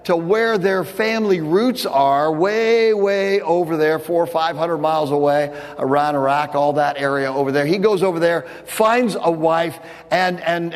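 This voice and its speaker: A man's voice: a little high, big-room sound. A man preaching a sermon, telling a story in a loose, conversational way with frequent restarts. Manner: casual storytelling with repeated restarts. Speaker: pastor.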